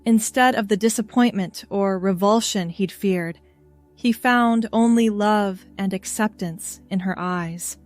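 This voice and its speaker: A woman reading a story aloud as narrator, in a gentle, measured way. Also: mid-range voice, faint music behind. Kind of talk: scripted narration.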